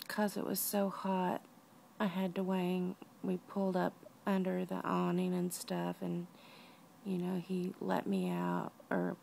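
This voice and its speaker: A weak, out-of-breath woman lying down at home, talking softly in a personal video diary and often dropping to a whisper. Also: fairly low pitch, creaky, slight background noise. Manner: tired, soft-spoken, often drops to a whisper. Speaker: vlogger.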